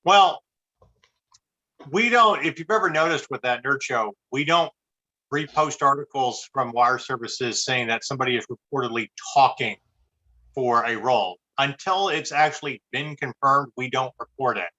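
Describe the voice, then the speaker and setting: Bright, blunt ranting podcast man. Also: mid-range voice, moderate pace, dull audio. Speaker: podcast co-host. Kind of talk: casual chat.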